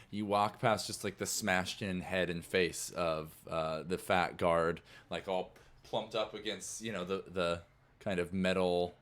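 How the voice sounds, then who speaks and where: A man's voice: low voice, a bit bright. A man narrating as game master of a tabletop game, telling the scene in a loose, rambling way. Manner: loose, rambling storytelling full of "like".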